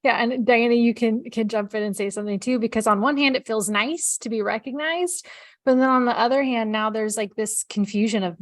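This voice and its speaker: Thoughtful woman, high voice, dry sound. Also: a little fast, no room sound. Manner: thoughtful, weighing both sides. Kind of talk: casual business chat.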